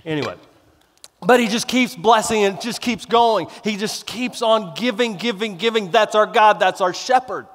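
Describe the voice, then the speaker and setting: A man's voice: sits high, moderate pace, fairly bright tone. A male pastor preaching a sermon in a conversational, emphatic way, drawing out stressed words. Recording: long reverb of a large hall.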